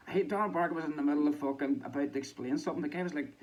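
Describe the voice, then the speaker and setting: A man's voice: fairly high pitch, very fast, hardly any pauses, a little mellow, highs cut off. A Northern Irish man giving a casual, sweary and rambling boxing reaction with a mocking tone. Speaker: boxing commentator. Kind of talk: casual chat.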